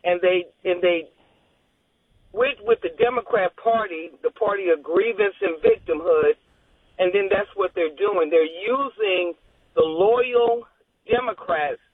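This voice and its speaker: A woman calling in to a radio show, rambling and halting as she searches for words. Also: fairly low pitch. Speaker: caller. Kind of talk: call-in talk. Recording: tinny phone line.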